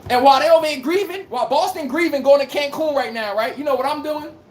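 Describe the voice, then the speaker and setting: A woman's voice: sits high, fast talker, reverberant, a little hiss or hum. A woman hosting a casual sports livestream, ranting, trash-talking and reading out chat comments. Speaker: livestream host.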